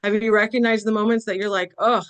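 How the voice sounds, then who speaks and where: A woman's voice: medium pitch, little pitch movement, fast talker, clear, resonant tone. A middle-aged woman speaks to an audience about grief in a candid, self-deprecating way. Her voice sits in an ordinary middle register. She keeps tagging her sentences with "right?" and "okay?" as she tells her stories. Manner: conversational, frequent "right?" and "okay?" tags. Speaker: conference speaker. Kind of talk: motivational talk on grief.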